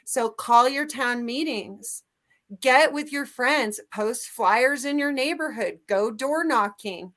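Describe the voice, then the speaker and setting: A woman's voice: sits high, bright, forceful tone. A woman guest on a talk show, urging listeners to take action. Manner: urgent, rallying, exhorting.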